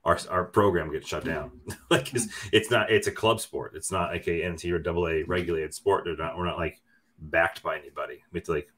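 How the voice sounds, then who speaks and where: A man's voice: deep voice, fairly even intonation, fairly quick, a bit bright. A man who leads a club football team, speaking bluntly in casual chat, swearing freely and laughing often.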